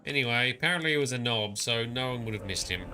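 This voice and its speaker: A man's voice: medium pitch, fast, heavy background noise. A man giving casual, joking live commentary on a game stream and reading chat messages aloud. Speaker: livestreamer. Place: at a gaming PC. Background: game music.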